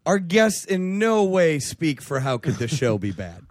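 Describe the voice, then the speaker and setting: A man co-hosting a comedy podcast, joking and riffing quickly on the others. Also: a little high, very animated. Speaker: podcast co-host.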